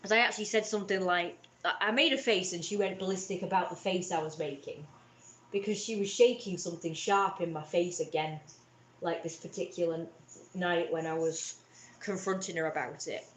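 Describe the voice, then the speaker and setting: A young woman chats on a livestream in a fairly low voice. She rambles through long, upset retellings, stopping and restarting, and the room around her rings with echo. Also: fairly even intonation, normal speed. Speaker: livestream host. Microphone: webcam or phone on a livestream.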